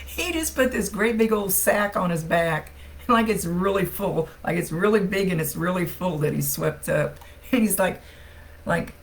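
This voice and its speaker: A woman's voice: lowish voice, poor audio. A woman working as a psychic medium, giving a casual live-streamed reading. She talks bluntly, thinks aloud and swears freely.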